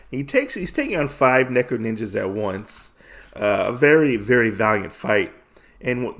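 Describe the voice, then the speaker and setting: Gravelly, medium-pitched and a touch bright, a man hosts a podcast where he loosely recaps a comic. His delivery rambles, packed with fillers and false starts.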